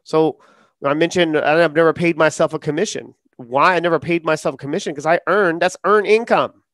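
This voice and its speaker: A man talking casually as a podcast guest, acting out quotes in lively storytelling. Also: a little high, brisk, no room sound, clean studio sound. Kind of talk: casual interview talk.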